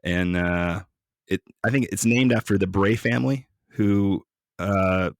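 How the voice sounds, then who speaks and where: A man's voice: low voice, a little slow, dry recording, studio quality. A man co-hosting a podcast in casual, joking talk, swearing freely. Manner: joking, profane, relaxed. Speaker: podcast co-host.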